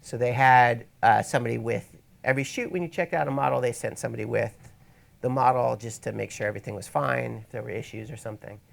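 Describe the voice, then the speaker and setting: Speaking to an audience in an event space, a man presents a photography workshop in a casual teaching style, adding wry, rambling asides. His voice is medium-pitched and creaky, and his pace is quick.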